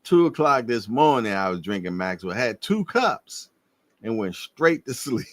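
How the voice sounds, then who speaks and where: A man hosting a casual boxing livestream, slangy and animated, laughing and repeating himself as he reads viewer comments. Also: lowish voice, moderate pace, no echo. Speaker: livestream host.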